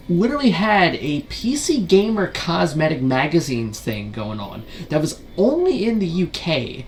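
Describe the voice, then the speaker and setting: A man's voice: a little high, a little hiss or hum. Profane, ranting gaming commentator man. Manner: rhetorical questions and repeated fillers.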